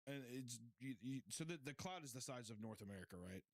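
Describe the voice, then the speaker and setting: A young man in casual chat with friends, spinning silly bits and giggling as he goes. His pitch jumps all over the place, and the recording sounds close and dry, with no room echo. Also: animated, quick pace. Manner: rambling, giggly, absurd joking.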